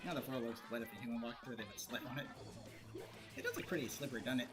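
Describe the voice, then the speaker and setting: A man giving casual, joking commentary while streaming a game, quick to laugh and to grumble about it. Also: mid-range voice, expressive. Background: game music.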